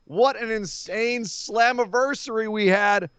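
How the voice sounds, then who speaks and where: A man co-hosting a live wrestling podcast, talking in an excitable, jokey way full of exclamations. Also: high-pitched, unhurried, clear, resonant tone, dry recording. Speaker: podcast co-host. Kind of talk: casual live podcast chat.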